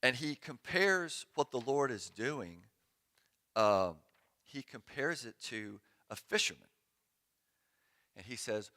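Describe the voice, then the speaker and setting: A male pastor preaching in a church sanctuary with a bright, forward voice. He keeps it conversational and drops sarcastic, joking asides. His pitch sits in a middle range. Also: lively intonation, slow, pauses often. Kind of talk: sermon.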